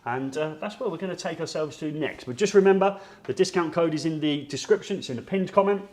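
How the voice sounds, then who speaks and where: A man's voice: a little high, fast talker, a little mellow. A man hosting a live stream, chatting casually and teasing his co-hosts with jokes. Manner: jokey, teasing banter.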